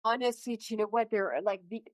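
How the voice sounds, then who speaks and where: A woman's voice: on the high side, a little fast, dry recording, poor audio. Lady on a podcast, earnest, asks lots of questions, dry sound. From France. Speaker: podcast guest. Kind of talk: casual podcast conversation.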